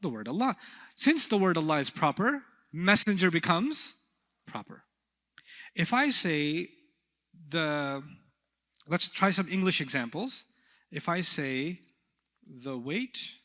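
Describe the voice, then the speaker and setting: A man teaching an Arabic grammar class, animated and playful, often asking his students questions. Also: on the high side. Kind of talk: classroom lecture. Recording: long hall reverb.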